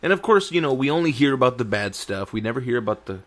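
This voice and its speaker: A man's voice: mid-range voice, big pitch swings, quick pace, a bit bright. A man hosting a casual podcast, rambling and swearing as he reads a news story aloud with his own asides. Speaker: podcast host.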